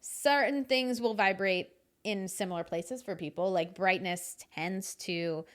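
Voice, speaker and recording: A woman's voice: medium pitch, unhurried. A woman vocal coach talking casually in a podcast conversation, explaining voice technique and singing short demonstrations.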